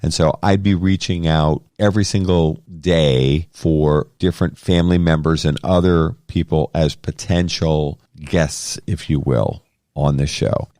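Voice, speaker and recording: A man's voice: extremely low pitch, steady tone, measured pace, a little mellow, dry recording, studio quality. A middle-aged man co-hosting a podcast, talking in a casual, earnest and rambling way with frequent restarts. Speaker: podcast co-host. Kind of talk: casual conversation.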